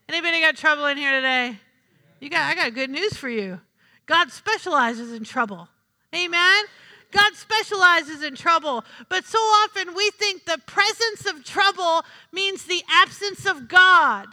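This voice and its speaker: A woman preaching to her congregation in a very high, piercing voice, her words ringing out through a church hall with a long reverb. She works the room with call-and-response and says key lines twice. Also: a little slow, bright, forceful tone. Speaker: pastor. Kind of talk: sermon. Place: church sanctuary.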